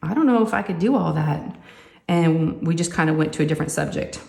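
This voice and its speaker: A woman, chatting casually and telling animated family stories while she crafts at home. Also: deep voice, fairly quick, creaky, reverberant. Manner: chatty, animated, says "y'all" often. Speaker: crafting vlogger and mother.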